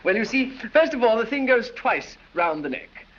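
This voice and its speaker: An actor playing a silly, foppish English aristocrat dandy who drawls, giggles and dithers, in 1930s film acting. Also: male voice, very high voice, sing-song, moderate pace, fairly bright tone, heavily acted. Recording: dull old film soundtrack with hiss.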